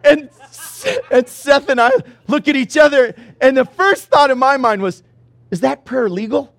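A male pastor preaching a sermon, telling a story with animated, rising excitement. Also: extremely high pitch, normal speed, no echo.

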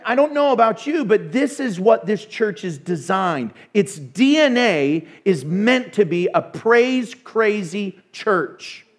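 High-voiced animated male pastor preaching. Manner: animated, acts out voices with sudden hushes and bursts. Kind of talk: sermon.

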